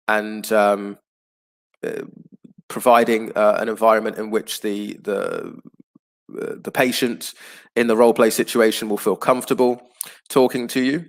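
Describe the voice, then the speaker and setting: Patient male teacher explaining slowly. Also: lowish voice. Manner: patient, explanatory, with frequent fillers. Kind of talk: online class lecture.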